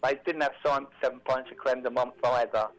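A man hosting a radio segment in a studio, telling odd stories with deadpan, made-up asides. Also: mid-range voice, fast talker, low-quality recording. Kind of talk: casual radio banter.

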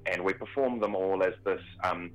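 Casting: lower-voiced male radio guest, animated, filler-heavy, lively storyteller. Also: normal speed, soft background music, poor audio. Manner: animated, chatty with many fillers. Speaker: theatre performer. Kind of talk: interview guest.

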